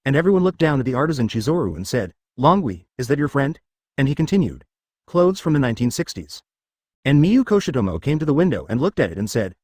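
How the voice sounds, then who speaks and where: A man reading a web novel aloud as an audiobook narrator, every line in the same steady narrating voice. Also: mid-range voice, no room sound, clean studio sound.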